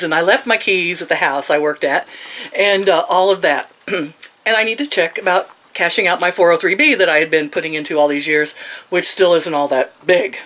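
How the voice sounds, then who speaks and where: A woman's voice: on the low side, fairly bright tone. An older woman vlogging casually from outside her home on a phone camera, telling stories and laughing often. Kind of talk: casual vlog chat. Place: outdoors at home.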